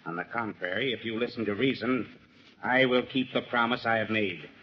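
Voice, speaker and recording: An actor playing a suave, menacing villain in a radio drama, smooth-talking and condescending. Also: male voice, on the low side, moderate pace, natural voice. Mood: coaxing. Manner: silky, cold, condescending. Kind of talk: 1940s radio acting. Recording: dull old radio broadcast, faint hiss.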